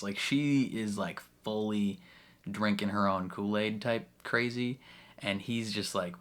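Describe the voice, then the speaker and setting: A man's voice: lowish voice, slow. A young man casually recapping a show episode, chatty, laughing often and full of fillers. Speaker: reaction video host.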